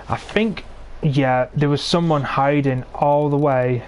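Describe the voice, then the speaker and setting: A young English man in his twenties, pitched a little higher than most men, talks through a tank match he is streaming. He grumbles and mocks careless teammates in a sarcastic running commentary. His cheap gaming mic picks up a faint hiss of background noise. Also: steady tone, takes it slowly. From England. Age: 20s. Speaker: game streamer. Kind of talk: live gameplay commentary.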